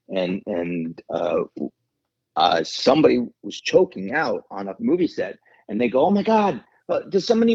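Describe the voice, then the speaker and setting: A middle-aged man, an actor, telling an emotional story in an interview, earnest and halting, with many restarts. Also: on the low side, creaky, slightly rough, no room sound. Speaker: actor guest. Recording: dull lo-fi sound.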